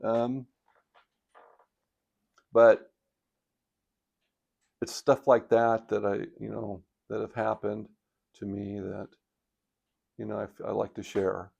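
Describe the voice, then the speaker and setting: An older man in retirement telling a personal story on his video blog, reflective and halting with a touch of emotion, sitting by a fire at home. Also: on the low side, level tone, gravelly, a little mellow, muffled recording. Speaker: vlogger. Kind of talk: casual storytelling. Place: indoors by a fireplace at home.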